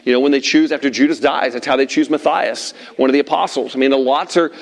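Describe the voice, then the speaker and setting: A middle-aged man preaching to a room of listeners at tables, telling a story in a lively way and acting out the lines he quotes. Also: mid-range voice, fast. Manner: animated storyteller, acts out shouted quotes. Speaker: pastor. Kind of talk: sermon with personal story.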